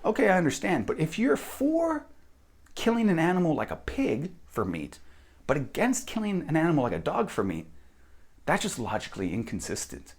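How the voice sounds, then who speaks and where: A man's voice: a little high, wildly swooping pitch, moderate pace. An American man giving a blunt, profane opinion monologue as a vlogger. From United States.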